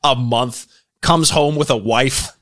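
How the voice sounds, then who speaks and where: A man's voice: mid-range voice, slow, a bit bright. A man co-hosting a casual podcast, rambling through stories with bursts of laughter. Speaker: podcast co-host.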